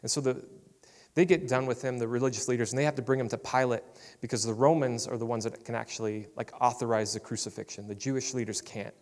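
A man preaching a sermon as pastor, in a relaxed, conversational way. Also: mid-range voice, quick pace. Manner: casual, conversational preaching with frequent "man" and "I love". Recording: long reverb of a large hall.

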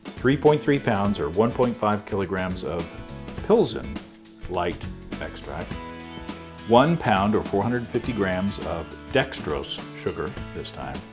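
A man's voice: on the low side, big pitch swings, slow pace, over music. A man hosting a home brewing show, explaining in a rambling casual way with many fillers and restarts. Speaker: show host. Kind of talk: casual chat.

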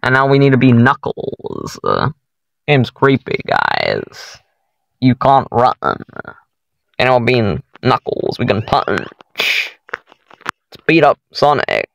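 A man commentating a horror game let's play, his pitch leaping far up and down between yelps and mutters. His voice has a gravelly fry, and he talks at an unhurried pace between the jumpy exclamations. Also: wildly swooping pitch, fairly bright tone, no room sound. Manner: jumpy, exclaiming at every scare, talks to viewers as guys. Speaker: gaming YouTuber.

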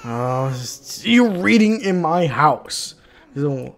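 A man narrating his own game session, his voice sitting fairly high as he pleads and yells at the screen. He sounds exasperated, swinging between frantic shouts and muttered complaints. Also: very animated, takes it slowly, vocal fry. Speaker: gaming channel host. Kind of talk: excited gameplay commentary.

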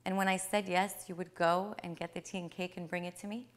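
Woman voicing a gentle old Kabbalist sage. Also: lowish voice, little pitch movement, fairly quick, natural voice. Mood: tender. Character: kindly elderly male Kabbalist sage.

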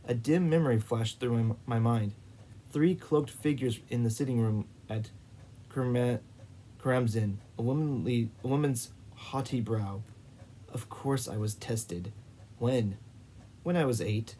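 A man reading a novel aloud in a steady, unhurried way. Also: medium pitch, slight background noise, low-quality recording. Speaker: audiobook reader.

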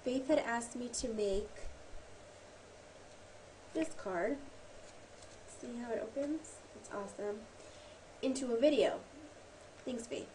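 Her voice leans high and dark, moving slowly with long pauses, with slight background noise. She's hosting a laid-back craft tutorial, chatty and rambling with frequent ums and self-corrections, a little sniffly from a cold.

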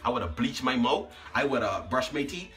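A man casually telling a story to his vlog audience, slangy and animated, always asking "you know what I'm saying". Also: mid-range voice, moderate pace, recorded from a distance, soft background music.

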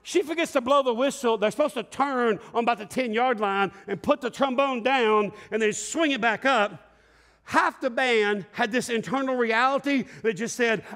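A middle-aged man preaching a sermon, telling a story with lively shouts and laughter. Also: very high voice, normal speed. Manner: animated storyteller, acts out scenes with shouts and laughter. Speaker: pastor. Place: large church sanctuary. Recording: long hall reverb.

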